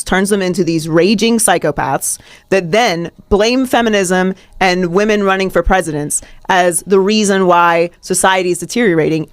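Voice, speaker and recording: A woman's voice: medium pitch, no room sound. A woman talks frankly as a podcast guest. She states strong opinions in a casual way, and the sound is dry and close to the mic. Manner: frank and opinionated, quick to laugh.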